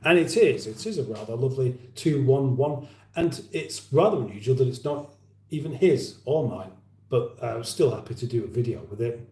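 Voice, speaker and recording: Hosting a laid-back livestream, this Englishman reads viewer comments and rambles along with dry wit. His voice is medium in pitch and dark in tone, with lively intonation and a normal speaking speed, all carried on a roomy echo.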